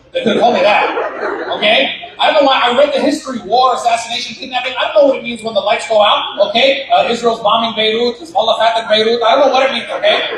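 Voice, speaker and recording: A man doing stand-up comedy in a large banquet hall, telling stories in an animated, punchy way with repeated asides. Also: very high voice. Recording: echoey banquet hall, distant mic.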